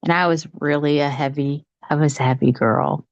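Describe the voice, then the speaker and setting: A woman talking casually from home on a video call, telling a childhood story in a rambling, animated way with many restarts. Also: low-pitched, moderate pace, creaky, no echo, highs cut off. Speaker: psychic medium sharing her story. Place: home, cat nearby.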